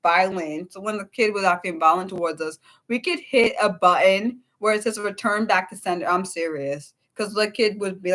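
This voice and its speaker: A woman's voice: on the low side, fairly bright tone. A young woman hosting an unscripted livestream, rambling and breaking off mid-sentence as she answers her chat. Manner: rambling, self-interrupting, answers chat aloud. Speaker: livestream host.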